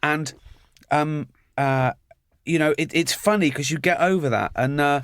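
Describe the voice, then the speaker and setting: A man chatting as a guest, telling animated anecdotes and acting out the quoted lines. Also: on the high side, unhurried, smooth, no room sound, clean studio sound. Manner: animated storyteller, acts out quotes. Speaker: comedian and guest. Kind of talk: anecdotal chat.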